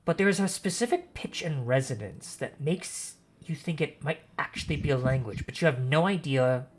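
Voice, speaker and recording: A man narrating a tabletop game as game master, expressive and pausing often to correct himself. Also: fairly high pitch, slight background noise. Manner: expressive narration with frequent self-corrections and fillers.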